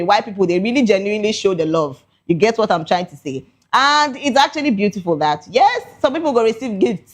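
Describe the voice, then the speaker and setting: A young Nigerian woman hosting a talk show, playful and chatty, laughing often and slipping into Pidgin. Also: medium pitch. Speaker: show host.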